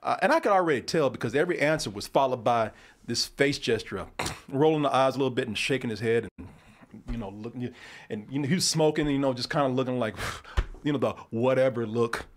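A man's voice: mid-range voice, a little fast. A man on a casual talk show, telling a story with lots of restarts and acting out both sides of the exchange. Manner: animated, acts out both sides of the conversation, frequent swearing and restarts. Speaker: podcast host telling a story.

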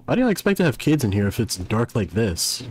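A man's voice: medium pitch, very animated, fairly quick, a little mellow. A man casually commenting while playing a horror game, chatty and self-deprecating with rambling asides, into a desk microphone. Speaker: gaming youtuber. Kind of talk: casual let's-play commentary. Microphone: desk microphone at a gaming setup.

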